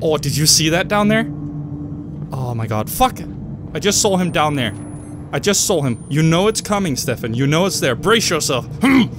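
A man's voice: on the high side, big pitch swings, moderate pace, noisy background. Jumpy screaming horror gamer guy. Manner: jumpy, screams and swears at scares, joking. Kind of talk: horror game commentary. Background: game music.

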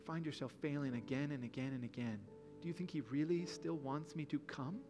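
A man's voice: fairly high pitch, brisk, music in the background. A man preaching a sermon as pastor in a church, earnest and building to emphatic passages. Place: church sanctuary.

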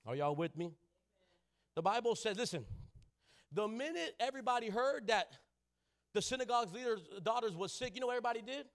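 A man preaching a sermon in a church, calling out to the congregation and rising into loud shouting. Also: high voice. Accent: Southern California. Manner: call-and-response preaching, building to loud shouting. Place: church sanctuary.

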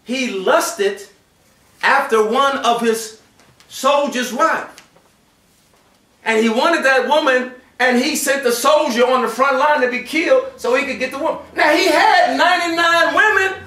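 A man giving a Friday sermon, switching between shouted acted-out voices and hushed, quiet passages. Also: very high voice, measured pace. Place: mosque prayer hall. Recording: echoey room from a distance.

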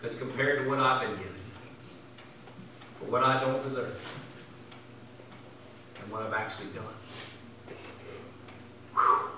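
A man preaching a sermon as pastor, swinging from loud emphatic bursts to low, quiet asides. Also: a little slow, long pauses, very noisy. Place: church sanctuary. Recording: very echoey church from far off.

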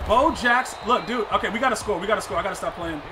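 A man's voice: high-pitched, very fast, noisy background. A young man streaming a football video game, rambling in casual commentary, laughing a lot and repeating catchphrases. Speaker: gaming streamer. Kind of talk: casual live gameplay commentary.

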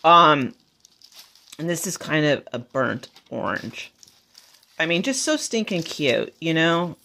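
A woman's voice: low voice, sing-song, slow pace, creaky, pushed and bright. A woman vlogger chatting casually and gushing as she shows off her shopping haul. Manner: bubbly, chatty, gushing over finds. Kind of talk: casual haul vlog chat.

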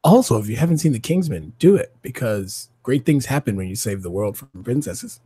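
A man's voice: mid-range voice, expressive, brisk, warm tone, breathy edge, no room sound. A man co-hosting a podcast, chatting casually with nerdy jokey asides. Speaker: podcast co-host. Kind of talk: casual chat.

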